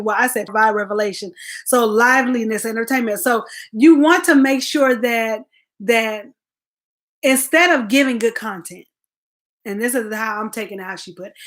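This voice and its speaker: Chatty energetic woman coaching live. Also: on the high side. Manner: energetic and chatty, laughs often, restarts sentences. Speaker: branding coach hosting a live stream. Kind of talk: casual live-stream teaching talk.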